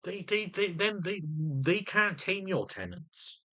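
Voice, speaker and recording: A man's voice: sits high, big pitch swings, slow, bright, forceful tone. A man venting to camera in an agitated monologue, often restarting and repeating his words. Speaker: vlogger.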